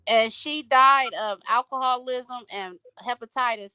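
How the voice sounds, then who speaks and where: A woman's voice: on the high side, measured pace, sharp tone, clean tone, dry recording, rough recording. A woman co-host in casual chat, speaking in a matter-of-fact way.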